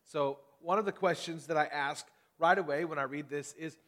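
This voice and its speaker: A pastor preaching a sermon in a conversational way, putting questions to his congregation. His voice is a man's, pitched a little higher than most. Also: moderate pace, few pauses, fairly bright tone.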